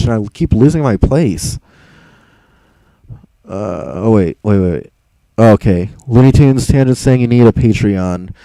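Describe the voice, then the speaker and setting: A young man talks casually on a livestream, rambling and exasperated as he reads comments. His voice is mellow and dark in tone, recorded close and dry with no room sound. He swears freely and laughs between thoughts. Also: lowish voice, animated, a little slow, no echo, poor audio. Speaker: livestream host reading chat.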